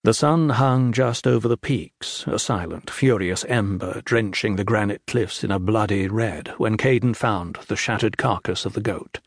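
A man narrating an epic fantasy audiobook in a measured, grave manner. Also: fairly low pitch, dry recording, studio quality. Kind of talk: scripted narration.

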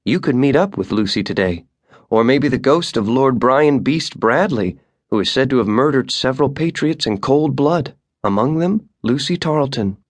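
A man's voice: medium pitch, animated, moderate pace, pitched above the performer's own voice, lightly acted. A male narrator voicing a friendly young woman working as a tour guide, speaking playfully. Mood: playfully grave.

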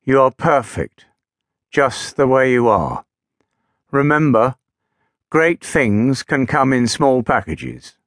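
A man voicing Gideon, a big, kind and wise male crane engine in a storybook, speaking calmly and fatherly. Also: medium pitch, slow, long pauses, no room sound, studio quality.

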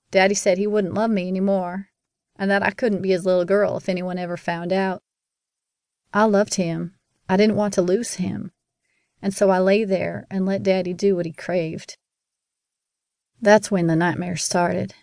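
A woman's voice: mid-range voice, a little mellow, no echo. Woman narrating grave audiobook, dry sound. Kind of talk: first-person audiobook narration.

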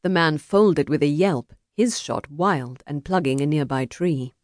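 A woman narrating an unabridged historical romance audiobook in a measured storytelling manner. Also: sits low, darkish tone, no room sound. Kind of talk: scripted narration. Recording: dry, close studio audiobook.

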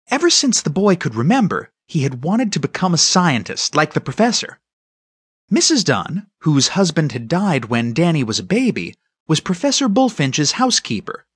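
Husky man reading a children's story. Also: a little high, huge pitch swings, moderate pace, no room sound, studio quality. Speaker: audiobook narrator. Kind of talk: scripted narration.

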